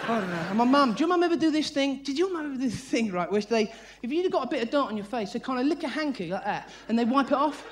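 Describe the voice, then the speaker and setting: Frantic high-voiced comedian. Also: male voice, animated, quick pace, hardly any pauses. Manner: frantic, high-energy, swearing, acting out voices. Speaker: stand-up comedian. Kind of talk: live stand-up comedy. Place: theatre stage before a laughing audience. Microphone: stage mic. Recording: live theatre recording with audience noise.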